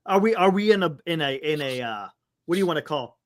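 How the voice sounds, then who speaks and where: Animated male sports-talk co-host. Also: on the high side, fast, dry recording. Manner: animated, exclamatory, calming others down. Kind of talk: casual sports chat.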